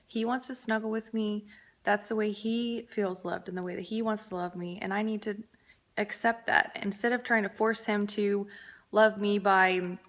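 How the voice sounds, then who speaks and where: A woman's voice: mid-range voice, vocal fry, a bit bright. Woman vlogger, thirties, chatty and rambling, casual storytelling, mid-range voice. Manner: chatty, rambling, with fillers and asides.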